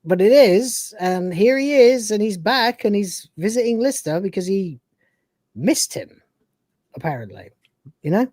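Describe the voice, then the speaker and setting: A woman hosting a casual review podcast, retelling scenes in an animated way, laughing and swearing freely. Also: mid-range voice, measured pace, no echo. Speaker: podcast host.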